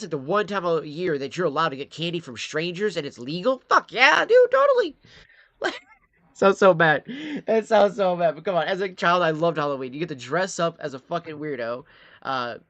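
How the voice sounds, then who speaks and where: Male streamer, slightly high voice, angry profane rant, rambling, dry close mic. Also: fast talker, fairly bright tone, no echo. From Michigan, USA. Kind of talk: ranting live-stream commentary.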